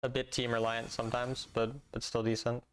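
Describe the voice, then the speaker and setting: Young male streamer, smooth voice, dry sarcastic chat with viewers, slangy. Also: mid-range voice, monotone, a little fast. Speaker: livestreamer playing a mobile game.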